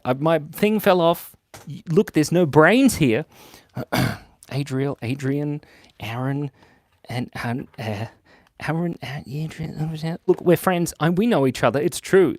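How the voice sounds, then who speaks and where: A man's voice: mid-range voice, unhurried, no echo, clean studio sound. A man hosting a live drawing stream, chatting casually with viewers, reading their comments and joking at his own expense while laughing often. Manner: playful, joking and self-mocking. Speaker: livestream host drawing for viewers.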